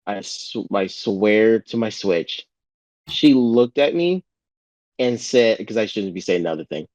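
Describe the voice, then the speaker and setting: Male podcast co-host, low voice, rambling casual recap, mimics quotes in falsetto bursts, dry muffled mic. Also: normal speed, darkish tone, dry recording. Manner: rambling, full of "like" and restarts, acts out quotes in a raised voice. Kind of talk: casual chat recapping a TV episode.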